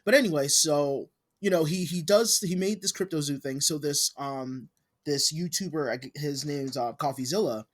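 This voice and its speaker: A man's voice: fairly high pitch, moderate pace. Give me a ranting podcast co-host man. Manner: ranting, heated, profane when worked up. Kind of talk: casual chat.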